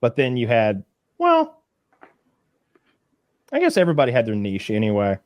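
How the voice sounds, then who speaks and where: A man's voice: medium pitch, wildly swooping pitch, moderate pace, no echo. A man co-hosting a casual podcast chat, telling a rambling story with frequent restarts and laughter. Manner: rambling, restarts a lot, laughs at own stories. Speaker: podcast co-host.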